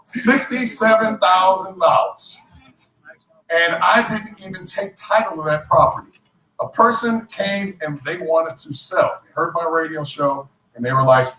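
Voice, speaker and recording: Man, joking motivational speaker, bright forceful voice, echoey hall, heard from a distance. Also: high voice, unhurried, a little hiss or hum. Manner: lively, joking, self-described clown. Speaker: speaker at a business event. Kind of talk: motivational talk to a live audience. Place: event hall with audience.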